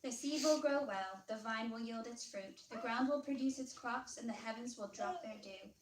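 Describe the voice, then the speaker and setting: A woman with a Southern American accent reads scripture in a measured, formal way. Her fairly high voice comes from a distance and echoes through a church room, over a faint hiss. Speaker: scripture reader. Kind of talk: reading scripture aloud.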